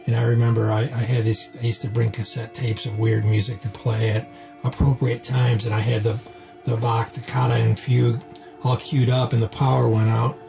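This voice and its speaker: A man reminiscing in a relaxed documentary interview. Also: mid-range voice, moderate pace, creaky, over music.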